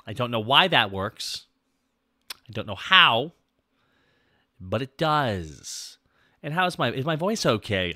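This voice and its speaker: Bright, lively goofy male streamer. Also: medium pitch, measured pace, no echo, clean studio sound. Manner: goofy, self-mocking, reads out chat. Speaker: VTuber streamer. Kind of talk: casual livestream chat.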